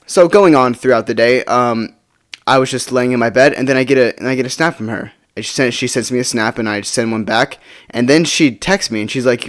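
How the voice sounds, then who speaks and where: A teenage boy from the United States telling a casual storytime, rambling with lots of fillers and swearing. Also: mid-range voice.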